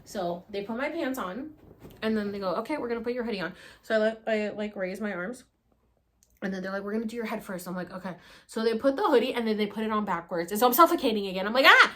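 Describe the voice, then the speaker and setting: Animated young woman telling a story. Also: mid-range voice, fast talker. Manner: animated, acts out quotes with sudden loud bursts; swears freely, lots of "like". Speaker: vlogger. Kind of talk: casual storytelling to camera.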